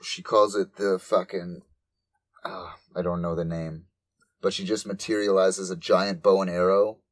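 A man co-hosting a podcast, recapping a show in casual chat with animated, profane storytelling. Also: deep voice, measured pace. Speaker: podcast co-host.

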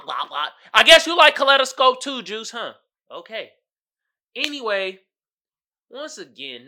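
A man with a high, bright voice and a forceful tone hosts a podcast of casual, comedic chat. He's laid-back and slangy, laughs often, and calls his listeners "y'all."

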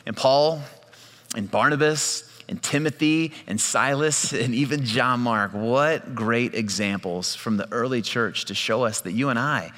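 Male pastor, conversational sermon, frequent restarts, sharp bright tone, long hall echo. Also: mid-range voice, a little slow. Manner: conversational storytelling with repeated restarts.

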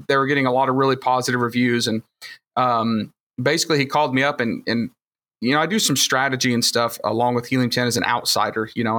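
Bright-voiced Southern man telling stories. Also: mid-range voice. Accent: Southern US (Alabama). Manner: rambling, enthusiastic storytelling with frequent fillers. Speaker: podcast guest, future host. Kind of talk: casual podcast conversation.

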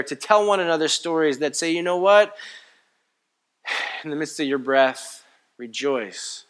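A man preaching a sermon in a church, swinging between hushed and loud, passionate delivery with repeated emphatic phrases. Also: medium pitch, normal speed. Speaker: pastor.

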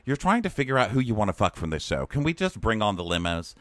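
Podcast co-host, man, lively swooping delivery, snarky, dry close mic. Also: on the low side, fast talker, hardly any pauses, no echo. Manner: animated, sarcastic, mimics people in put-on voices. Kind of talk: casual comedic recap chat.

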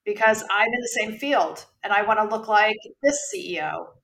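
A woman hosts a podcast interview, thinking aloud and searching for words as she builds her questions. Her voice sits at a middle pitch, with faint noise in the background. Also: animated, moderate pace, gravelly, fairly bright tone. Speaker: podcast host.

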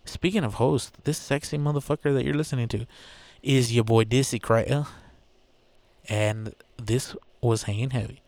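A man's voice: medium pitch, fairly even intonation, moderate pace, a little mellow, no echo. A man hosting his own podcast, chatting casually in a loose, rambling way, swearing freely and joking. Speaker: podcast host. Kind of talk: casual solo podcast chat.

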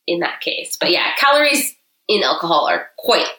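Woman podcast host, animated and bright, chatty explainer, echoey room sound. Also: fairly low pitch, moderate pace. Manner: explains plainly, filler-heavy with "like" and "um". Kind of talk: casual interview chat. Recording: roomy echo.

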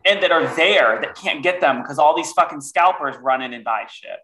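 Dramatic guy on a podcast, swears a lot, bright voice, kinda echoey room. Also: on the high side, normal speed. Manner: expressive, swears freely, dramatic. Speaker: co-host. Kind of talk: casual podcast chat.

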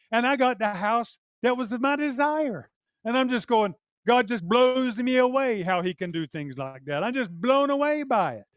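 A man's voice: high voice, clear, resonant tone, no echo. An older man preaching a sermon, telling a personal testimony and acting out the dialogue in his story. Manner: animated storyteller, acts out dialogue. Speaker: pastor.

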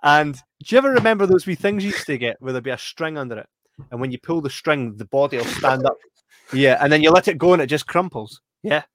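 A young man in casual chat, telling a story with animated delivery, frequent laughter and acted-out quotes. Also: fairly high pitch, fast talker, dry recording. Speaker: podcast co-host.

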